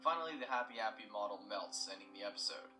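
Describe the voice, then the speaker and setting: Low-voiced young man reading a story. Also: animated, quick pace, roomy sound, far from the mic, music in the background, poor audio. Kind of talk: scripted narration.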